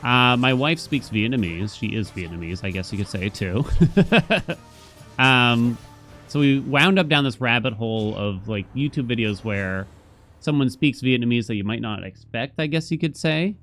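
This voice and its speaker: Streamer, young adult male, mid-pitched, rambling play-by-play over faint game music. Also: normal speed, fairly bright tone. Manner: chatty, thinks aloud while playing. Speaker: gaming streamer. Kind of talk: casual gameplay commentary.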